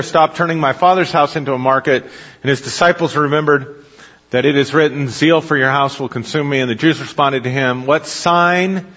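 A man with a medium-pitched, fairly bright voice preaches a sermon, reading scripture aloud, explaining it, and putting questions to his listeners along the way. The hall recording is dull, with long reverb.

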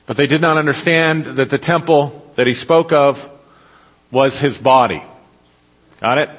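A man's voice: mid-range voice, a little slow, a bit bright, husky. A man preaching a sermon, reading scripture aloud and explaining it, asking his listeners questions as he goes. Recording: dull hall recording with long reverb.

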